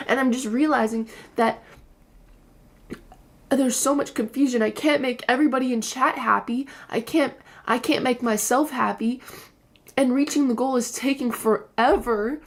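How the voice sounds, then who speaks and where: A woman's voice: fairly high pitch, moderate pace. A young woman streamer venting to her chat, frustrated, swearing and rambling.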